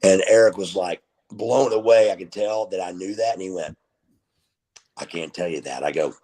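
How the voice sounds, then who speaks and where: Man, middle-aged, wrestler guest, animated storyteller, raspy, creaky. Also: low-pitched, normal speed. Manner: animated storyteller who acts out quoted dialogue. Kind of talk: casual storytelling interview.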